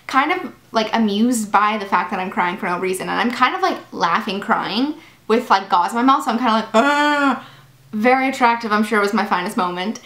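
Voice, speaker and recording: Young woman, casual vlog storytelling, fairly high voice, roomy echo. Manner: chatty, animated, lots of fillers. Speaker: vlogger.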